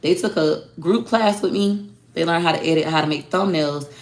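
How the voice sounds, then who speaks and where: A woman with a low, gravelly voice full of vocal fry speaks bluntly and animatedly to her viewers. She sounds outspoken and unfiltered, talking off the cuff in a casual livestream. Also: normal speed. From Florida. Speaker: online social media course teacher.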